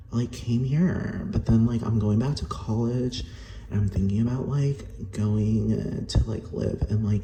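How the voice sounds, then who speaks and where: A man's voice: lowish voice, vocal fry, background noise. A man from Rico, a Spanish speaker, ranting angrily and profanely to camera with lots of "like". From Puerto Rico. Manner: profane, heated, fillers of "like". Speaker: vlogger. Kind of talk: angry rant to camera. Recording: roomy echo.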